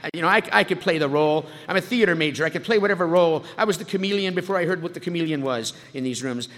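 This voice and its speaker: This man speaks a little high, with a somewhat bright voice. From California's San Fernando Valley, he delivers a funny personal account of his life at a recovery meeting, full of wisecracks and impressions of quoted voices, recorded in an echoing hall with faint noise in the background.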